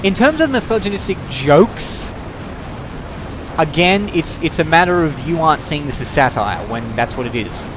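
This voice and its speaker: A young man doing let's-play commentary, rambling and opinionated, swearing freely and restarting his sentences often. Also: on the high side. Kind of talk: gameplay commentary rant. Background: game music.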